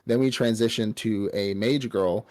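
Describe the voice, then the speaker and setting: A podcast host with a lowish, steady, slightly mellow voice recaps an anime episode at a moderate pace. His storytelling is casual, rambling, and profane, punctuated with laughs.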